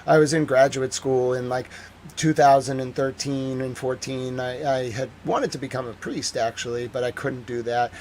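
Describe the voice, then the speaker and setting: Boston guy rambling on his news stream, lots of "like", medium pitch, bit of noise behind. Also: a little mellow, poor audio. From New England. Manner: rambling, many fillers like "like". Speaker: news livestreamer. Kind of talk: casual livestream monologue.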